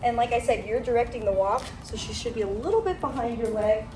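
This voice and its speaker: Talking fast in a fairly high voice, a woman leads an outdoor dog training demonstration on a driveway or street. She praises the dog and coaches the owners, while the distant mic picks up roomy sound and a noisy background.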